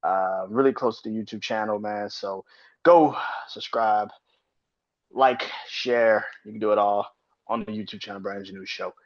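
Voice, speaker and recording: A man's voice: steady tone, moderate pace. Guy in his 30s doing a solo sports podcast, cusses a lot, kinda muffled lo-fi audio. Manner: loose and profane, rants with sudden high-pitched outbursts. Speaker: podcast host.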